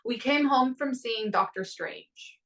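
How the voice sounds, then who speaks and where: Woman coach on a podcast, lively storyteller doing little voices, mic a bit far off. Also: on the high side, slow pace. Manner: animated storytelling, acts out inner voices. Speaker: guest coach. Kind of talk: casual podcast conversation.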